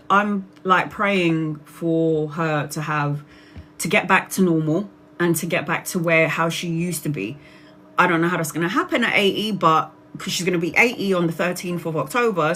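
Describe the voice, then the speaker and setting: Bright-voiced chatty woman livestreamer. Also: on the low side, slight background noise. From Brazil. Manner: chatty, laughs often, acts out quoted voices. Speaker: tarot reader livestreamer. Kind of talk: casual personal storytelling.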